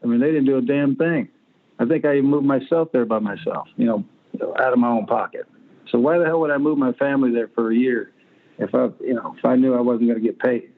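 A man's voice: medium pitch, quick pace. Older male guest in his sixties, blunt and salty anecdotes, heard over a thin phone line. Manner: blunt, profane anecdotes with acted-out quotes. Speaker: guest, former pro quarterback. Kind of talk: storytelling interview.

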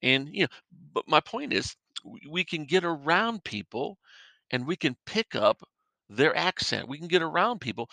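A man's voice: medium pitch, gravelly, bright, forceful tone, dry recording. A man preaching a podcast sermon in an earnest, repeating cadence with stammered restarts. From northern United States.

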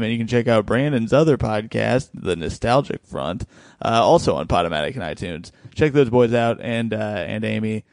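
A man's voice: mid-range voice, darkish tone, dry recording. A man hosting a comedy podcast, joking, swearing and laughing often with his guests. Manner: jokey, profane, laughs often. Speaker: podcast host. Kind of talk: casual comedy podcast chat. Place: studio.

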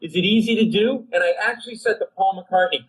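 A middle-aged man with a slightly high voice tells a comic story as a talk-show guest. He talks in an animated way, acting out the voices of the people in it and his own panic. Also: fast talker, husky, low-quality recording. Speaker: comedian guest.

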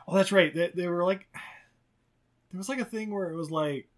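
A man's voice: high voice, moderate pace. A man co-hosting a podcast, casually recapping a movie in a rambling, profane way, laughing often. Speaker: podcast co-host.

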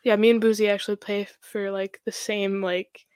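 A woman's voice: medium pitch, little pitch movement, moderate pace, darkish tone, clear, resonant tone, no echo, clean studio sound. A young woman in her twenties, a hockey goaltender guest, chatting casually with many fillers and laughs. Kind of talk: casual podcast chat.

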